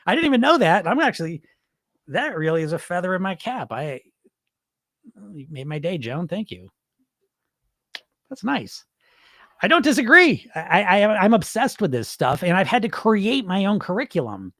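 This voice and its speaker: A man's voice: fairly high pitch, no echo, clean studio sound. A man hosting a weight-loss podcast, talking bluntly and emphatically with frequent swearing. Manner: blunt, profane, animated and emphatic. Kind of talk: unscripted podcast monologue reading listener comments.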